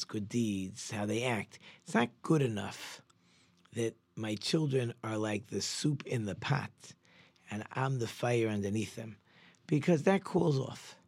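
A male rabbi teaches Torah in a lively storytelling manner, jumping up in pitch for emphasis and often restarting his sentences. His voice sits at an ordinary middle pitch and sounds dry and close, with no room around it. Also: slightly rough, no echo. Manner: animated storytelling with sudden pitch jumps; conversational, with frequent restarts. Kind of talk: Torah lesson.

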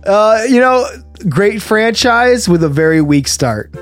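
A man's voice: sits high, lively intonation, unhurried, faint music behind. A man co-hosting a casual podcast, jokey and profane, laughing often as he talks about movies and metal. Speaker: podcast co-host. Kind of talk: casual chat.

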